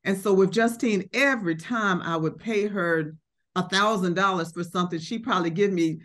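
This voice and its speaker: A woman's voice: medium pitch, moderate pace, fairly bright tone. A middle-aged woman, an art collector, telling a reflective story in conversation, with fillers and acted quotes.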